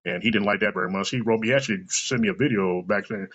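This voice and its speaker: A man's voice: on the low side, fast talker, a bit bright, breathy edge. A man hosting a solo podcast, rambling and swearing freely with self-mocking asides. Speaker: podcast host. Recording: dull lo-fi recording.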